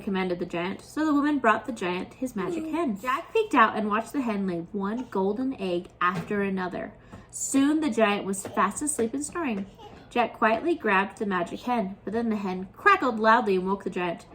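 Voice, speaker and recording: A woman preschool teacher reading a story and leading a craft, talking to young children in an animated, upbeat way. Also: medium pitch, normal speed, a little hiss or hum.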